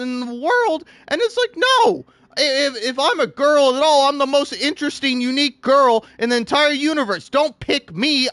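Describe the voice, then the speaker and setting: High-voiced man in an exasperated rant. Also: no room sound. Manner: exasperated, theatrical, swinging between shouting and muttering. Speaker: online video creator. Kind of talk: comedic rant.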